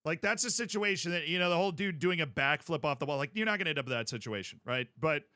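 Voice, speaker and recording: A man streaming a game, chatting casually in a rambling, jokey way with sudden loud outbursts. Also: on the high side, expressive, fast talker, no echo, studio quality.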